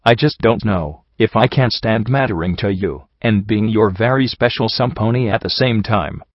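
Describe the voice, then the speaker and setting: A man's voice: lowish voice, moderate pace, no echo, highs cut off. A man voicing an anxious, conflicted young female pegasus in a story reading, speaking hesitantly. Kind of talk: audiobook reading.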